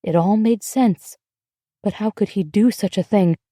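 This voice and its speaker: Mellow woman narrating an audiobook. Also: medium pitch, a little slow, dry recording, clean studio sound. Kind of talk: scripted narration.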